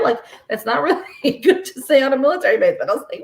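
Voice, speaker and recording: A woman's voice: a little high, animated, a little fast, vocal fry, few pauses. An American woman chatting casually on her own livestream. She rambles through a story with many fillers and breaks off to welcome viewers by name. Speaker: crochet livestream host.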